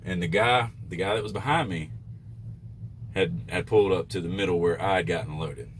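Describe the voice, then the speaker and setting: A man's voice: low-pitched, a little fast, slight background noise. A man who drives trucks, telling a story in a casual vlog, rambling with fillers and self-corrections.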